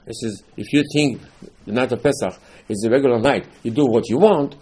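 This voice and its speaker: Male rabbi type, husky voice, mid pitch, emphatic repeating storyteller giving a religious lesson. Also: fairly quick, warm tone. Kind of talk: Torah lesson on Passover night.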